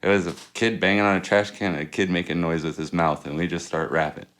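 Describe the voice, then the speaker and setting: Very deep-voiced laid-back man. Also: flat delivery, quick pace, a bit bright. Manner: laid-back, chuckles often, rambling anecdotes. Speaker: rapper and producer, guest. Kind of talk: casual interview storytelling.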